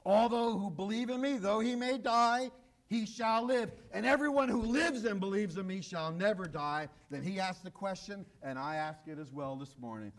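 A man with a high voice delivers a sermon from the pulpit. He preaches urgently and with emphasis, driving home the same call over and over. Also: normal speed. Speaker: pastor. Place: church, broadcast on radio and online.

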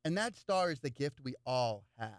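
A local political candidate chats casually in an interview, telling animated stories and repeating words a lot. His mid-range voice moves at a moderate pace, clean and recorded in a dry studio.

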